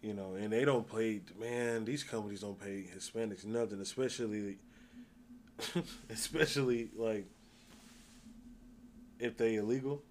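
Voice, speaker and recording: A man's voice: fairly low pitch, measured pace, pauses often, a little hiss or hum. A man from the United States in casual, profane chat, firing off rhetorical questions.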